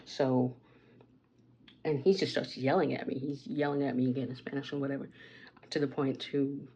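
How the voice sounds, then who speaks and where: A woman's voice: very deep voice, steady tone, moderate pace, dark tone, muffled recording, a little hiss or hum. A woman vlogging at home, chatting through a rambling story with asides about her makeup. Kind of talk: casual get-ready-with-me storytime.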